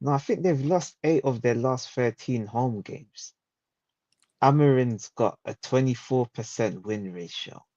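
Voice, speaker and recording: A man's voice: medium pitch, measured pace, mellow, no room sound, muffled recording. A man chatting casually about football as a co-host, laid-back and slangy.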